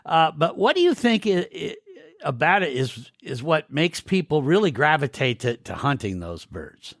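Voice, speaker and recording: A man's voice: on the high side, sing-song, moderate pace, no echo, clean studio sound. A man from western Montana hosting a podcast, asking questions in a friendly, casual way and often repeating words as he restarts. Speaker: podcast host. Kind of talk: casual interview chat.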